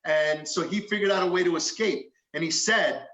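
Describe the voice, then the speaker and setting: A man's voice: high-pitched, normal speed, a bit bright, echoey room, lo-fi sound. A man, a former police detective, telling a story in a podcast chat, acting out quotes and swearing freely.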